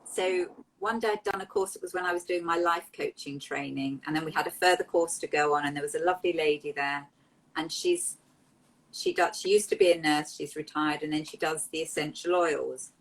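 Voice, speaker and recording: Lady guest, low-ish voice, emotional and animated as she tells her story. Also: fairly quick, poor audio. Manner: heartfelt, emotional, animated anecdotes. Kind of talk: candid interview storytelling.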